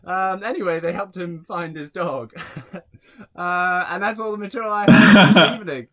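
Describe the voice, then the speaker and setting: A young man from England delivers a rambling, deadpan stand-up routine over a video call, full of ums and pauses. His voice sits a little high for a man. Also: a crowd in the background. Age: young adult. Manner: deadpan, rambling, frequent fillers. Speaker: stand-up comedian.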